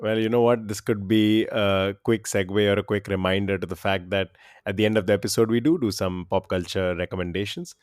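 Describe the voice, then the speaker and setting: A man's voice: fairly low pitch, steady tone, brisk, smooth, no echo, studio quality. A man co-hosting a quiz podcast, chatting casually and laughing often.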